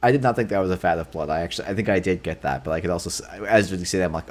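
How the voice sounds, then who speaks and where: A man's voice: low-pitched, rapid-fire, few pauses, a little mellow. A man hosting a casual livestream chat, rambling and jokey, often restarting his sentences. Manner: rambling, self-correcting, jokey. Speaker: host.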